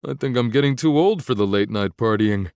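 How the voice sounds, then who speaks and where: A man's voice: medium pitch, lively intonation, a little fast, a little mellow, clear, resonant tone, dry recording, clean studio sound, lightly acted. A man voicing a sleepy, easygoing young man in an audiobook, talking in a drowsy, casual way.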